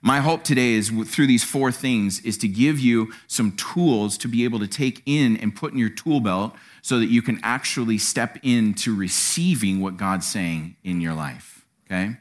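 A man preaching a sermon in a church, animated and acting out quotes. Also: moderate pace. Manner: animated, acts out quotes with sudden pitch jumps. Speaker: pastor.

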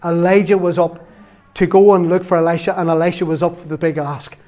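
A man's voice: a little high, flat delivery, fairly quick, warm tone. A middle-aged man from Northern Ireland with a Northern Irish accent, preaching a sermon through chatty, repetitive anecdotes and closing in prayer. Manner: chatty, laughing anecdotes, repeats himself. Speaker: lay preacher. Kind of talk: storytelling sermon.

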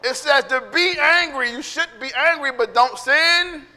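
A man's voice: very high voice, measured pace, pushed and bright, in a large hall. A middle-aged male pastor preaching a sermon in a conversational way, acting out quotes and laughing between points.

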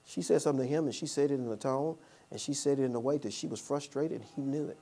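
A man's voice: mid-range voice, quick pace, mellow. A man preaching a sermon as pastor, telling a personal story with call-and-response.

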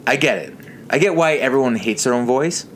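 A man's voice: mid-range voice, expressive, brisk, slight background noise. A young man co-hosting a podcast, trading casual, profane banter with a friend. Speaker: podcast co-host.

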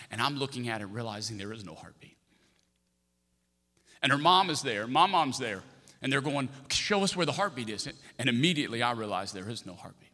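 A man preaching from the pulpit, telling a personal story with animated, impassioned bursts. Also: medium pitch. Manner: impassioned, animated retelling with sudden loud outbursts. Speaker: pastor. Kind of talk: sermon storytelling. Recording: long hall reverb.

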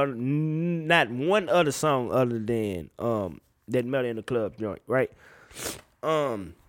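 A man giving a casual, profane solo rant about music gossip, breaking into sudden loud high outbursts. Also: dry recording. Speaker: solo commentator.

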